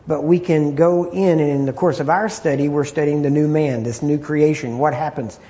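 Mellow, throat-clearing male Bible teacher. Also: a little high, fairly even intonation, normal speed. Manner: conversational and repetitive, clears throat often. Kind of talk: informal Bible study teaching.

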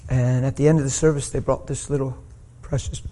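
A male preacher telling a story in a sermon, swinging from hushed asides to loud, shouted peaks. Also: mid-range voice, flat delivery, fairly quick.

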